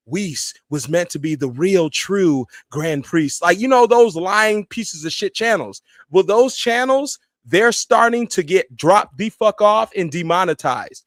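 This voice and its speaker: A man's voice: high voice, fairly bright tone, no room sound. A man hosting a live stream, giving casual commentary in a blunt, heated and profane way. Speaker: streamer host.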